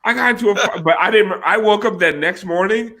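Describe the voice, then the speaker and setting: A man's voice: high-pitched, brisk, pushed and bright. A man telling a rowdy, profane story on a casual chat show, laughing often.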